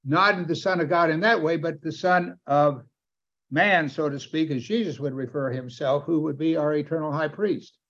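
A man's voice: fairly high pitch, moderate pace, a bit bright. A man preaching a sermon with emphasis, often asking his listeners questions. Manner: emphatic, asks the audience questions. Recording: dull, lo-fi sound.

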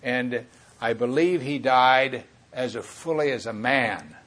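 A man's voice: mid-range voice, slow pace, a bit bright. A man preaching a Bible teaching sermon, earnest and rambling, often correcting himself mid-thought.

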